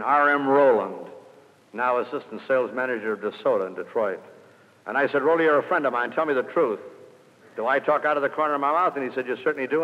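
A middle-aged man gives a story-driven speech to a room full of salespeople, firing off sharp rhetorical questions. The recording sounds dull and dated, like an old radio broadcast. His voice carries a long hall reverb. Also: a little high. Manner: emphatic, punchy rhetorical questions. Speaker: sales speaker. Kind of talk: anecdotal speech to an audience.

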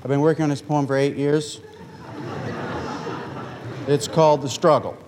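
A man giving a poetry reading, introducing his poem with a few fillers, then chanting its lines in a steady rhythmic incantation. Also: fairly high pitch, moderate pace, big-room sound, heavy background noise. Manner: rambling spoken introduction with fillers. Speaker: poet.

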